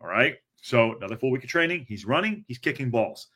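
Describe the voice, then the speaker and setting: Brief: male stream host, tired, bright tone, halting with lots of ums. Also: mid-range voice, animated, slightly rough. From Southern California. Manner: hesitant, many fillers, reads chat aloud. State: tired, low energy. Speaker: host of a football news livestream. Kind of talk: casual livestream chat.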